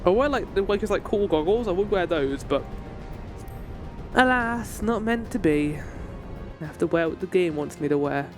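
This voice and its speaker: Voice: medium pitch, animated, moderate pace, long pauses, over music. A game streamer chatting casually and reacting to cutscenes, sometimes swearing. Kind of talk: casual gameplay commentary.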